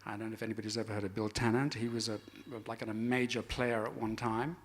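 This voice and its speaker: A man's voice: fairly low pitch, flat delivery, fast. A man telling a personal anecdote on stage as a guest speaker, conversational and self-deprecating, swearing freely as the story builds.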